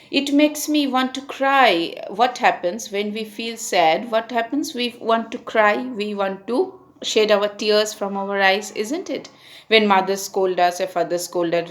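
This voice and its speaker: A woman teacher, patiently explaining a poem to young pupils and often checking in with them. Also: mid-range voice. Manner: patient, repeats and checks with "okay?" and "isn't it?".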